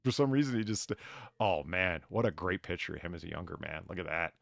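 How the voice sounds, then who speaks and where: A man's voice: sits low, animated, fast, vocal fry, fairly bright tone, no room sound. A man from the United States hosting a live stream, chatting casually in a rambling, profane way that is full of restarts. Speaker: streamer and bartender host.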